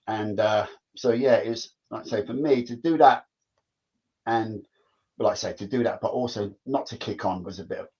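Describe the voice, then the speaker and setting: A man's voice: lowish voice, moderate pace, a little mellow, husky. A man, a former footballer telling stories in casual chat, rambling and repeating himself. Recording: dull lo-fi sound.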